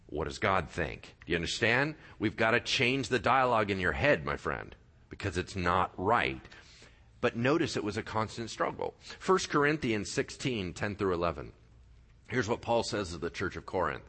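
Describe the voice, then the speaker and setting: A man over forty preaching a sermon, swinging from quiet low passages to loud raised ones. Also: very animated, moderate pace. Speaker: pastor.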